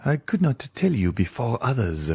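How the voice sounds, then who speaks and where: A man's voice: mid-range voice, sing-song, moderate pace, a little mellow, slightly rough, no room sound, studio quality. A man voicing a money-minded middle-aged banker in an audiobook, speaking in a confiding, wheedling way.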